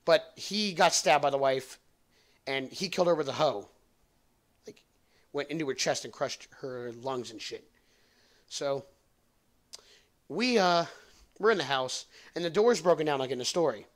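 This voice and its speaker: A man's voice: on the high side, lively intonation, measured pace, pauses often. A young man hosting a podcast, telling a long story in a rambling, profane, joking way. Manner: rambling, profane, laughs at own jokes. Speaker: podcast host. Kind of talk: casual storytelling.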